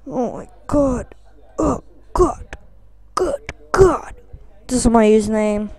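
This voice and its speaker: High-pitched goofy woman gaming. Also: lively intonation, slow, darkish tone, slightly rough. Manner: goofy, crude, yelps and squeals at in-game mishaps. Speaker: gameplay commentator. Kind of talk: let's play commentary.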